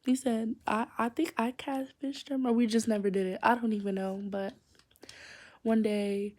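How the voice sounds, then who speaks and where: Teen girl vlogger, casual storytime delivery, mellow tone, slips into whispers. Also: fairly high pitch, fairly even intonation, normal speed. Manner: chatty, rambling, drops into whispers for secrets.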